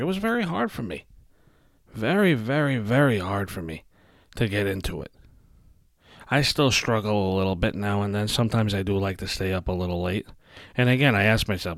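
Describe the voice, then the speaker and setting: A man hosting a solo podcast in a blunt, profane rant. His voice sits low, and he hammers his points with constant swearing. The podcast mic sound is dry and close, with no room echo. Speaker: podcast host.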